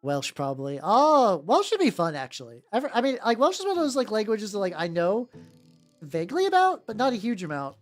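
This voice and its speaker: Brief: lively, sing-song streamer with a mid pitch who rambles and swears, over faint background music. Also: brisk. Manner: rambling, heavy on fillers, swears freely. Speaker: streamer painting miniatures. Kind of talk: casual live-stream chat.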